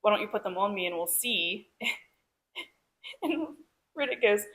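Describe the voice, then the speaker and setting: A woman's voice: medium pitch, lively intonation, takes it slowly, fairly bright tone. Giggly woman reading book quotes. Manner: reads quotes aloud, giggly. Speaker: podcast co-host. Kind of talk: casual book club chat.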